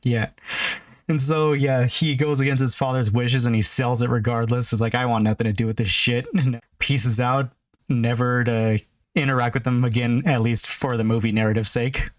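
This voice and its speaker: A man's voice: mid-range voice, steady tone, normal speed, dry recording. A man co-hosting a podcast, recapping in loose, rambling casual chat with lots of fillers. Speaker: podcast co-host.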